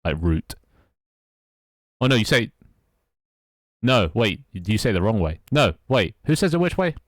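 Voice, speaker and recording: A man's voice: medium pitch, very animated, moderate pace, dry recording, studio quality. A British man streaming live, muttering and swearing at his code between casual chats with his viewers. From Britain. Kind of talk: casual live-stream chat while coding.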